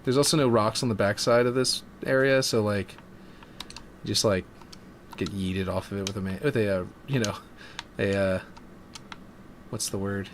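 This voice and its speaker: A man's voice: fairly low pitch, fairly even intonation, moderate pace, long pauses, a little hiss or hum. A man streaming while building a game map, chatting casually and thinking aloud as he trails off. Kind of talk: casual chat while working.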